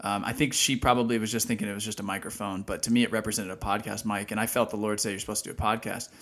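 A man co-hosting a faith podcast, speaking in a reflective, conversational, measured way. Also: fairly low pitch, steady tone, fairly bright tone. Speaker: podcast co-host. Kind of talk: casual conversation.

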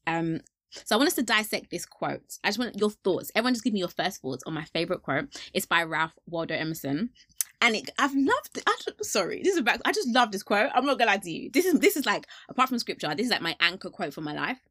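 A woman hosts a relaxed faith podcast with friends. Her voice is slightly husky and sits mid-pitch, recorded close and dry. She talks in an animated way, laughing easily and acting out the things people say. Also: fast talker, dry recording. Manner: animated, laughs often, acts out quotes. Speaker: podcast host. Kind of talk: casual faith discussion.

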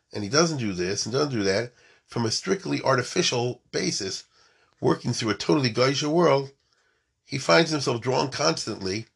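A man's voice: medium pitch, vocal fry, fairly bright tone, husky. A man giving an informal storytelling lecture, mixing in Hebrew and Yiddish terms and often checking that his listeners follow.

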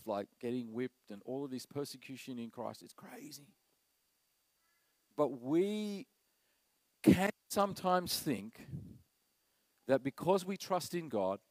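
A middle-aged man, preaching a sermon as pastor, animated and acting out quoted voices. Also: medium pitch, dry recording, low-quality recording.

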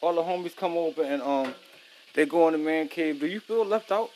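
A married adult man chats loosely and profanely straight to the camera while cooking for his vlog. His voice is fairly high and darkish, moving a little fast, with a faint hiss or hum.

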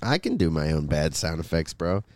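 A man co-hosting a podcast, trading crude jokes in a deadpan drawl and saying "dude" often. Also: very deep voice, normal speed, dry recording, clean studio sound, soft background music. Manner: deadpan, drawling, swears and says "dude" a lot. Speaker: podcast co-host. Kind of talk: crude comedic banter.

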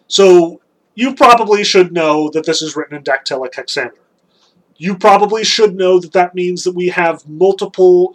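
A man's voice: fairly high pitch, fairly bright tone. A man teaching a class in a casual, chatty lecture style, with frequent ums and likes. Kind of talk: recorded lecture.

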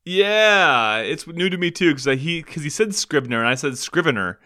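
A man co-hosting a movie podcast in loose, rambling chat. His voice sits a little high, and he laughs often. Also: lively intonation, moderate pace, pushed and bright. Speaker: podcast co-host. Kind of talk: casual chat.

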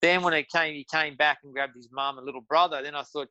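A man's voice: on the high side, steady tone, fast, pushed and bright, clean tone, dry recording, rough recording. A man with an Australian accent telling stories as a podcast guest, rambling with lots of restarts and fillers. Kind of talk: casual storytelling.

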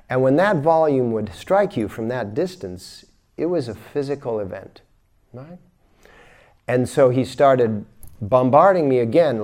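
Male spiritual teacher, lecture delivery, mid-range voice, dynamic storyteller with loud bursts. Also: medium pitch. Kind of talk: recorded lecture.

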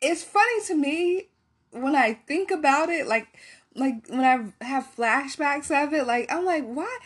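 A woman's voice: high voice, measured pace. A woman telling a personal story to her viewers in a casual, rambling way, swearing freely and filling her talk with "like" and "right?". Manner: candid, profane, rambling with many fillers.

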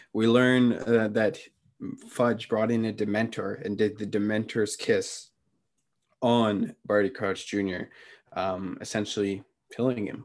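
Young male podcast co-host, slightly low voice, casual slangy recap full of fillers. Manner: relaxed, slangy retelling with many fillers.

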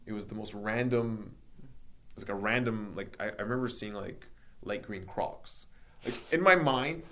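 A man hosting a podcast, telling a personal story in casual chat, animated and acting out the dialogue with many fillers. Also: on the low side, moderate pace.

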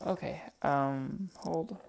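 A young woman hosting a podcast in casual chat, profane, excitable and rambling, talking into a desk microphone. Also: sits low, extremely slow, vocal fry, a little hiss or hum. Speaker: podcast host.

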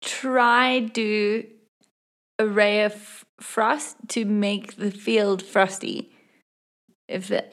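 A woman playing a tabletop role-playing game, describing her character's actions casually and hesitantly. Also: mid-range voice. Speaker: player.

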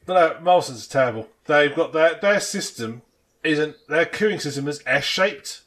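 Male co-host, chatty, self-deprecating storyteller, a touch higher pitched. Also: animated, moderate pace, a bit bright. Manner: rambling, self-mocking storyteller. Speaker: podcast co-host. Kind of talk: casual banter.

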